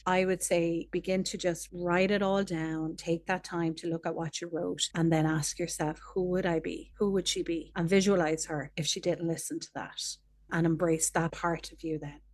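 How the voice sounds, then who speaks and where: A woman's voice: fairly low pitch, level tone, moderate pace. A woman psychotherapist and coach speaking as a podcast guest, earnest and fond of telling stories. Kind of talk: podcast interview.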